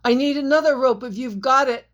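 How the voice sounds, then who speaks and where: A woman voicing a desperate young man on a cliff edge, calling out loud urgent pleas in an audiobook reading. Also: medium pitch, a little slow, slightly rough, highs cut off. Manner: loud urgent pleading shouts.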